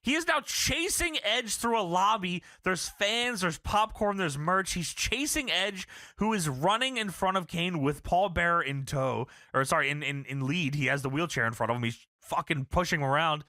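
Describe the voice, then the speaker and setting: Animated, profane man recapping wrestling. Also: sits high, moderate pace, hardly any pauses, no room sound, studio quality. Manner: animated, profane, laughing storyteller. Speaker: podcast co-host. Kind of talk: casual recap commentary.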